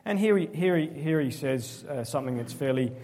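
Sarcastic preacher in a reverberant hall. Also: male voice, on the high side, lively intonation, a little fast, mellow. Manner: emphatic preaching with sarcastic asides. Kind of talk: sermon.

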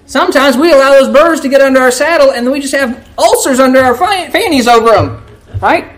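Talking fast in a high voice, a preacher gives a conversational, folksy sermon and keeps checking in with the congregation by asking "right?" Quoted prayers and remarks get acted out in a raised voice.

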